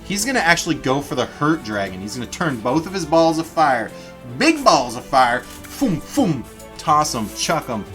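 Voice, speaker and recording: Acting as game master, a man narrates a tabletop battle on a livestream, animated and chatty as he addresses his viewers directly. His voice is a little high.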